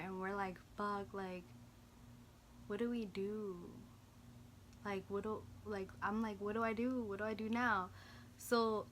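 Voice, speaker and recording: Bright-voiced young woman telling a storytime. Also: a little high, a little hiss or hum. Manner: animated, slangy, swears, lots of "like". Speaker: vlogger. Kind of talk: casual storytime.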